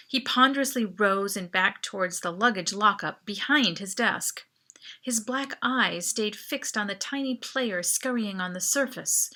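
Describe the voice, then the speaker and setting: A woman author reading her own novel aloud as lively, expressive first-person narration. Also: mid-range voice.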